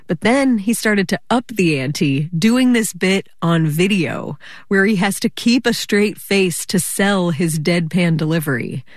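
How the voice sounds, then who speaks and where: A woman's voice: on the low side, lively intonation, a little slow, no echo, clean studio sound. Woman reporter narrating a news story. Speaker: radio reporter.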